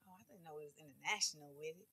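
A woman comedian, a guest in a casual interview, telling stories in a quick, chatty way with lots of fillers. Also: low-pitched, sharp tone, slightly rough.

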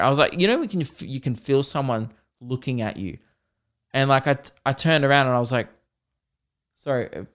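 A man's voice: mid-range voice, clear, resonant tone. A young man from Australia ranting in a profane, jokey way on a solo podcast. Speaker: podcast host.

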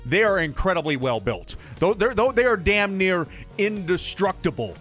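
Animated joking radio co-host, lively pitch. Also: male voice, faint music behind. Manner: animated, quick to joke, exaggerates. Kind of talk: casual radio banter.

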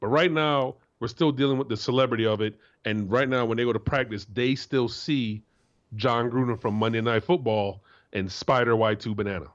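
A man in his forties from Florida, co-hosting a sports talk show as a former player, blunt and profane, jumping into a high voice to act out quotes. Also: steady tone, normal speed, lo-fi sound. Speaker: co-host, former NFL player.

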